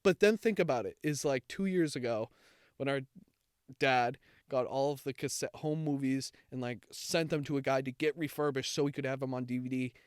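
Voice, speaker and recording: A man's voice: mid-range voice, moderate pace, clear, resonant tone, no room sound, clean studio sound. A young man co-hosting a casual chat, telling a rambling, heartfelt story with many fillers. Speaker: podcast co-host.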